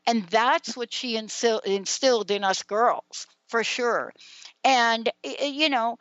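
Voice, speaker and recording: A woman's voice: fairly high pitch, a little slow, fairly bright tone, no room sound. A woman on a talk radio show, reflecting on how she was raised, speaking casually with many fillers. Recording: dry, slightly muffled radio audio.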